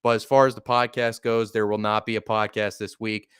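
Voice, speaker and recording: A man hosting a live fan play-by-play stream, calling the game casually and swearing freely, with big jumps in excitement. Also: lowish voice, brisk, clean tone. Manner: excitable, profane, shouting when upset. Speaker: sports podcast host.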